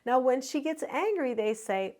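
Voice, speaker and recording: A middle-aged woman, a parenting educator, giving clear, explanatory teaching to parents and telling stories to make her points. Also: high voice, animated, moderate pace, darkish tone. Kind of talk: instructional talk to parents.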